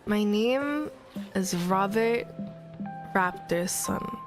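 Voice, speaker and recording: A woman's voice: medium pitch, expressive, very slow. A woman voicing an awkward, sheepish teenage velociraptor boy in game dialogue. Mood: shy. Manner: sheepish, apologetic delivery. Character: male velociraptor teen, awkward, sheepish prankster. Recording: game music playing behind.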